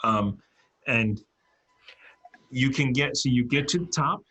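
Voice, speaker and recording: A man's voice: medium pitch, animated, slow pace, fairly bright tone. A man narrating as dungeon master for a tabletop game, loose and chatty, with lots of fillers and restarts.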